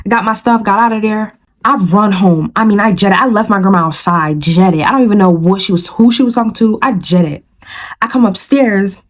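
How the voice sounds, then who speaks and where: With a medium-pitched voice at a moderate pace, a young woman vlogger recounts a story in casual slang. She talks straight to her viewers, animated, using "you guys" and "y'all."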